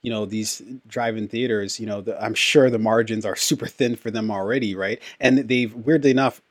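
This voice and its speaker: Man reading news with halting fillers. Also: fairly low pitch, fairly even intonation. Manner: reads news aloud with many fillers and restarts. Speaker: podcast co-host. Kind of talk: casual podcast chat.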